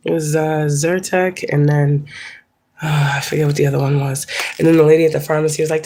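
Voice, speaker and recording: Brief: congested woman in her 30s, low voice, rambling, swearing and laughing on a phone livestream. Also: fairly even intonation, a little fast, dark tone, slight background noise. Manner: rambling, profane, laughs often. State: congested from allergies. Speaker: spiritual livestreamer. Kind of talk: casual livestream chat.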